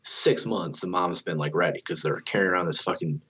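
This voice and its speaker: A man's voice: low-pitched, a little fast, bright, forceful tone, slightly rough. A young man casually telling a long story, swearing a lot, filling his speech with "like" and acting out what people said. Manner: swears a lot, fillers like "like", acts out dialogue.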